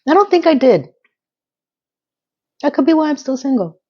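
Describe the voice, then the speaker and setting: A woman's voice: high voice, sing-song, moderate pace, darkish tone. Woman recapping a show, chatty and sarcastic, kinda muffled lo-fi audio. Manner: chatty and sarcastic, with frank asides. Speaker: TV episode recapper. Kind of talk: casual recap commentary.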